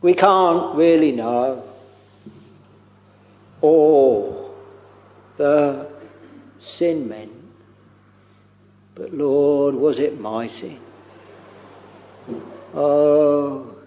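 A man preaching a devotional sermon, very slow and halting, with long pauses and soft trailing phrases. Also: on the high side. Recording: dull lo-fi recording with long hall reverb.

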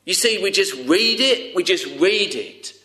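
A man preaching a sermon in an earnest, tender way, often dropping to a hush. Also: sits high, lively intonation, a little slow.

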